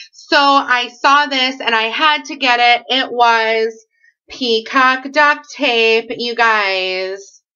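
Bright-voiced gushing woman haul vlogger. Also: on the high side, clear, resonant tone. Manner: chatty, gushing, lots of fillers. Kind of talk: casual product haul vlog. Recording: dull lo-fi home recording.

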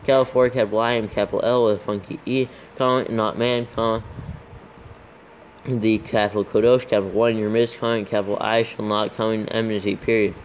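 A man reading scripture aloud as dictation, carefully naming every capital letter and punctuation mark in a steady way. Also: on the low side, brisk, a little hiss or hum, poor audio. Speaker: reader dictating scripture text.

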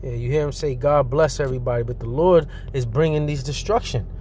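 A man delivers a sermon with his voice sitting at an ordinary middle pitch. He reads verses aloud and pushes his warning with mounting urgency. He keeps slipping the word "man" into the ends of his sentences. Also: a little fast, very noisy. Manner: earnest, punctuates sentences with "man". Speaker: preacher. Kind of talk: fiery street-style sermon with scripture reading.

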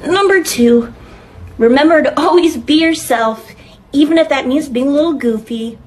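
Sweet high-voiced woman teasing playfully. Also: normal speed, a little hiss or hum. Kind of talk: playful flirty list to camera.

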